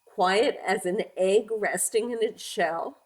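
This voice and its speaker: A woman reading a picture book aloud to young children, gently asking them questions as she goes. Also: mid-range voice, takes it slowly, breathy edge.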